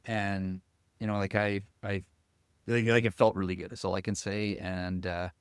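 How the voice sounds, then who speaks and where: Low-voiced man telling a story, halting. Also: flat delivery, clear, resonant tone, dry recording. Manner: halting, with many restarts and soft asides. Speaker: guest, company chief executive. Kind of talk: conversational storytelling in a podcast interview.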